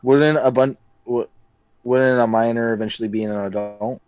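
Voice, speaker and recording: A young man co-hosting a podcast, delivering dry deadpan jokes with hesitant stops and restarts. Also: medium pitch, normal speed, rough recording. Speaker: podcast co-host. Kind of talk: casual chat.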